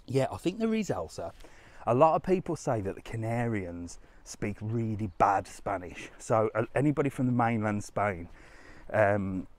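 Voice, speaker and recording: A man chatting casually to viewers on a live walking tour of a resort town, rambling, laughing often and sometimes dropping to a hushed voice. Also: on the low side. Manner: drops to a hushed whisper indoors. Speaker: travel vlogger streaming live.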